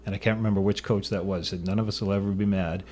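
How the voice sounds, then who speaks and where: A man's voice: deep voice, steady tone, fast, a little mellow, a little hiss or hum. A middle-aged man co-hosting a studio sports talk show, telling stories in a rambling way with many fillers and restarts. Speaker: sports show co-host and father of a university athlete. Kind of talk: casual sports talk chat. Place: radio studio.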